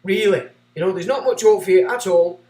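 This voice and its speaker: Ranting man, high voice. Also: brisk, distant mic. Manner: ranting, sarcastic, swinging between loud and muttered. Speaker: livestream host. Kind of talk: casual livestream monologue, reading chat. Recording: echoey room.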